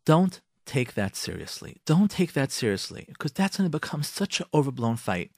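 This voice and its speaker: Emphatic man with a lively voice. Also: medium pitch, moderate pace, gravelly, no room sound, studio quality. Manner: emphatic and repetitive, animated acted-out quotes. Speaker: radio host giving marriage advice. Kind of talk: advice talk.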